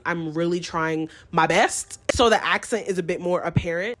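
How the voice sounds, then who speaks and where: A young woman in her twenties talking to camera as a vlogger, earnest and heartfelt, slipping into bits of Spanish. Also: fairly low pitch. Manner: earnest, heartfelt, candid and expressive. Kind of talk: casual vlog talk to camera.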